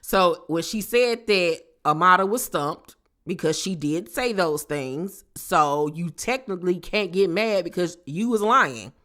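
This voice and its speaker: A woman recapping a reality TV episode in a casual, animated, gossipy way, with slangy exclamations. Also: lowish voice, a little slow. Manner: animated, gossipy retelling with acted-out quotes.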